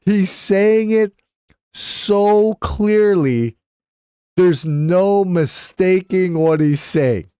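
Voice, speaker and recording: A man's voice: high-pitched, very slow, mellow, smooth, no room sound, clean studio sound. A young adult man telling stories casually on a live stream, swearing freely and slipping into voices when he quotes people.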